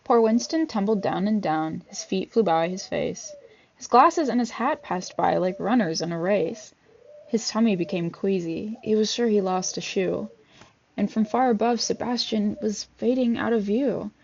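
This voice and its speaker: A woman's voice: mid-range voice, moderate pace, gravelly, a little mellow, slight background noise. A woman vlogger reading a picture book aloud, with chatty asides and fillers between pages. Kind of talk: casual read-aloud with commentary. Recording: dull lo-fi recording.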